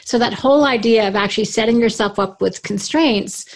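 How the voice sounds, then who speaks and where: Woman host with a slightly gravelly voice. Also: a little high, a little fast. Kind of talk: casual conversation.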